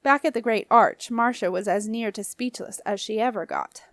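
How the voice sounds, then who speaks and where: Higher-voiced woman reading an audiobook. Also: normal speed, hardly any pauses, a bit bright, no echo, clean studio sound. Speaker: audiobook reader. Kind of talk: scripted audiobook narration.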